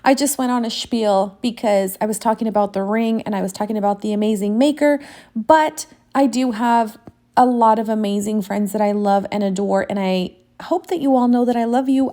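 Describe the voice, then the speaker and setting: Brief: woman in her thirties, vlogging a craft how-to, slightly high mellow voice, gushy and emotional, swears freely. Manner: gushing and effusive, swears casually; sentimental and emotional. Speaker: crafting tutorial host. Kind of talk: casual chatty tutorial talk.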